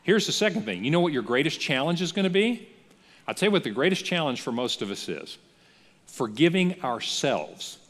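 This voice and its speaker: A man preaching a sermon as a pastor, in a conversational, lively style that acts out the voices he quotes. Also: a little high, quick pace, in a large hall. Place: church.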